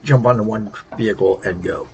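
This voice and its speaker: A tired man hosting a casual game tutorial, thinking aloud in a halting, low-key way. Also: a little hiss or hum, poor audio. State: tired, worn out. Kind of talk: casual gameplay tutorial commentary.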